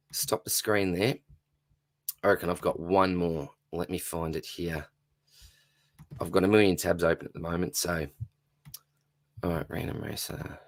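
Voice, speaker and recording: A man hosting a channel giveaway draw, calling an online race in lively commentary while losing his voice. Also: low-pitched, no echo. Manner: excitable race-caller, rising and fast at the finish.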